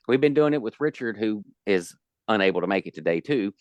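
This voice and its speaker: A man's voice: lowish voice, lively intonation, a little fast, darkish tone, dry recording. Easygoing joking male podcast host. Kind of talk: casual chat. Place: home, indoors.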